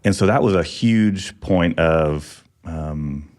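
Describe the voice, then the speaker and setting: Deep-voiced man sharing a halting testimony. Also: darkish tone. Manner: halting, reflective, with many ums and restarts. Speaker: guest. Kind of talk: personal testimony in casual chat.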